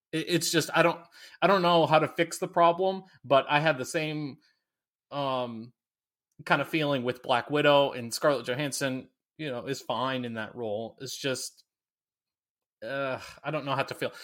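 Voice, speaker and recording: A man's voice: mid-range voice, a bit bright. A man co-hosting a casual podcast, rambling and chatty with many "like"s. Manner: chatty, rambling, laughs often. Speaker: podcast co-host.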